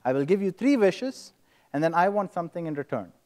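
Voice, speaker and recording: A sly, lonely old genie, as a man puts him on while telling a joke. The voice sits fairly high and is delivered deadpan, with little change from the teller's own voice. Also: fairly quick.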